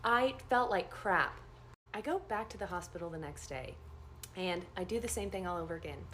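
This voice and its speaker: A woman nurse telling a story in a casual first-person way, animated and acting out the dialogue. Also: moderate pace, a little hiss or hum. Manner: animated, acts out quoted dialogue with big pitch jumps.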